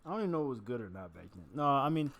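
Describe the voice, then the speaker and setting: Man, casual eating vlog, chatty, profane, self-mocking, mid-pitched voice. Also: sing-song, racing, fairly bright tone. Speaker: vlogger. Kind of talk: casual rambling monologue while eating.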